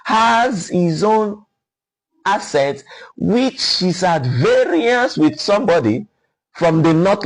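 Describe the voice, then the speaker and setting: Speaking with a Nigerian accent, this middle-aged man from Ukwuani, Delta, is a guest who lectures through his explanations and pronounces example words aloud. His voice is fairly high-pitched and husky, captured on a low-quality recording.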